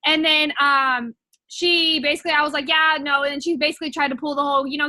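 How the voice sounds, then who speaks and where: A young woman with a high, bright voice tells her personal story. She rambles casually, full of filler words, recorded close and dry with no room sound. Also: fairly even intonation, fast, dry recording. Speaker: network marketing distributor.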